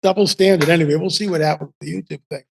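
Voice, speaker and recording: A man in his seventies, a podcast guest telling casual stories in an animated, rambling way full of restarts. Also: a little high, very fast, gravelly, slight background noise. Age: 70s. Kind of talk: casual storytelling.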